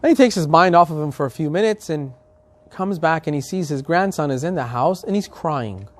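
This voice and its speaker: A man's voice: a little high, expressive, brisk. A male rabbi preaching a sermon and telling a story, emphatic and building to passionate appeals.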